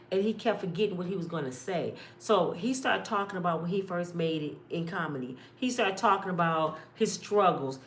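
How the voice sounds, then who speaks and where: A middle-aged woman telling a story in a casual vlog, shifting from quiet and tired to loud and exasperated. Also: lowish voice, slight background noise. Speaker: vlogger. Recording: echoey room.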